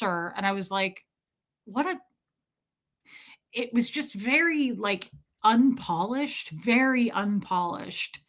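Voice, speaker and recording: Woman, middle-aged, bright, blunt, profane, casual storytelling vlog. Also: mid-range voice, animated, slow, long pauses. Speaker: vlogger.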